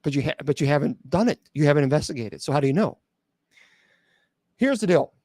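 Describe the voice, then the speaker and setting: A man's voice: fairly high pitch, animated, fairly quick, darkish tone, no room sound, clean studio sound. A middle-aged man hosting a live call-in show as a bishop, answering chat questions bluntly and sarcastically, with many restarts and filler sounds. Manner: blunt and sarcastic, mocking doubters in mimicked voices. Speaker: radio show host and exorcist bishop.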